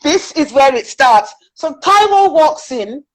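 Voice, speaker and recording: High, lively British-accented woman. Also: measured pace, rough recording. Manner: animated, chatty storyteller with frequent fillers. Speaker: guest. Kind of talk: personal storytelling in an interview.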